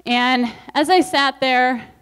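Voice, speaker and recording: Clear-voiced woman telling a story. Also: high-pitched, fairly even intonation, takes it slowly, a bit bright. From US Midwest. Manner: earnest, reflective, acts out quoted voices. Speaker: event speaker. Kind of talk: personal storytelling talk.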